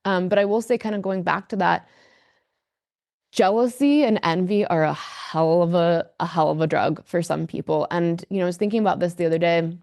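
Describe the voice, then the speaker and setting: A woman on a podcast speaks a little low, with an earnest, emphatic way of telling her story and plenty of fillers. The sound is dry and close, with no room around her. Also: normal speed, vocal fry, a little mellow, dry recording. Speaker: podcast guest. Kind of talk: candid podcast conversation.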